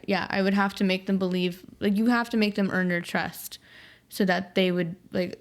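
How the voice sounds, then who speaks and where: A woman's voice: mid-range voice, creaky. A woman co-hosting a podcast, chatting casually and filling her talk with "like". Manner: chatty, lots of "like", quick to react. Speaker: podcast co-host. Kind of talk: casual chat.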